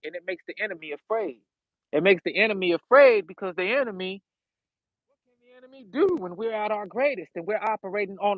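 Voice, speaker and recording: A man's voice: high-pitched, no room sound, narrow, tinny audio. A man preaching a sermon and praying in an impassioned, preacherly cadence, repeating his phrases. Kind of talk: sermon with prayer.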